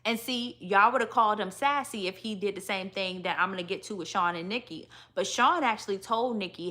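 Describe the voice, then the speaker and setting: Brief: woman host, live recap show, animated and emphatic, sassy. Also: medium pitch, brisk, hardly any pauses. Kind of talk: live aftershow commentary.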